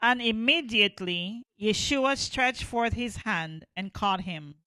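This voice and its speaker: Slow, careful scripture reader, bright voice, dry close sound. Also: medium pitch, expressive, clean tone, dry recording, poor audio. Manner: reads slowly and carefully, answers briefly. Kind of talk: slow reading aloud.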